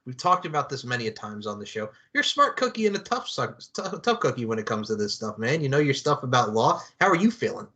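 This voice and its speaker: A man hosting a casual podcast chat, rattling along at a quick clip. His talk is slangy and excitable, full of little fillers and asides. His voice sits at a middling pitch. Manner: slangy and excitable, peppered with "man" and "you know what I'm saying". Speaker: podcast host.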